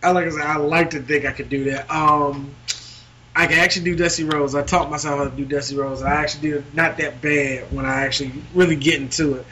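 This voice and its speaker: A man's voice: on the high side, steady tone, fast talker, pushed and bright, slight background noise. A man chatting casually about wrestling as a podcast co-host, rambling with lots of fillers. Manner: rambling, many fillers, laughs often.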